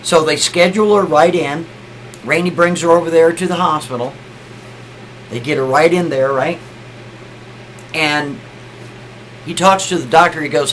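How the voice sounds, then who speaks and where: A man's voice: on the high side, steady tone, normal speed, pauses often, fairly bright tone, slight background noise, poor audio. A man telling a story casually, chatty, often tagging sentences with a questioning aside. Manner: chatty, keeps adding "right?".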